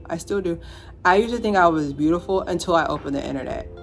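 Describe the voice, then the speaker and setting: Animated low-voiced woman in her thirties. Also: quick pace, gravelly. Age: 30s. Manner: animated, laughs often, playful asides. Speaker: vlogger. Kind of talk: casual opinion rant to camera.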